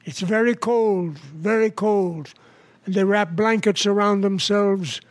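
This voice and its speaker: A man in his nineties, an interview guest at home, telling jokes in a relaxed way. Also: high-pitched, slow, no room sound. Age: 90s. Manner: relaxed storyteller, laughs at his own punchlines.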